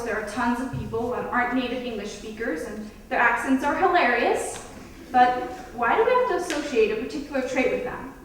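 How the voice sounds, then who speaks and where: Woman student, emphatic competition speaker with a bright, high voice, heard distantly in a boomy school hall with faint noise behind. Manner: emphatic, dipping into mock accents. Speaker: student speech contestant. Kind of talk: prepared competition speech. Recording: echoey hall, voice from far off.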